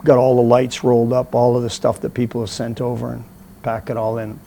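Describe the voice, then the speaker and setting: Gravelly blunt man telling a story. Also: mid-range voice, a little fast, slight background noise. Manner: blunt, profane, animated anecdote teller. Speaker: interview guest. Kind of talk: casual storytelling.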